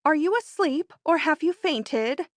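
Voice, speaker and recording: A woman reading a storybook voices an excitable young society woman who bursts out in high, emphatic exclamations, pitched well above a typical woman's register. She sounds bold, eager and impatient, delivered a little slowly and recorded close and dry.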